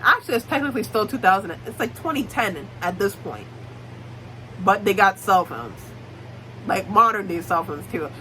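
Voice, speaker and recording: A woman's voice: medium pitch, lively intonation, moderate pace, pushed and bright, slight background noise, rough recording. A young woman giving a casual, blunt, swear-heavy recap of a book series. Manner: blunt, profane, joking commentary. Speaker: book YouTuber.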